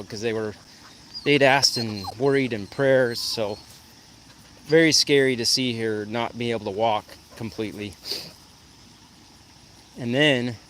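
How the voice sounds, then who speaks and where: A man's voice: mid-range voice, fairly bright tone, a little hiss or hum. A man hosting a casual livestream outdoors, chatting to viewers and cooing at his dog in a lighter sing-song voice. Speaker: livestream host. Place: outdoors in the shade by a pool. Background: faint outdoor sounds and geese.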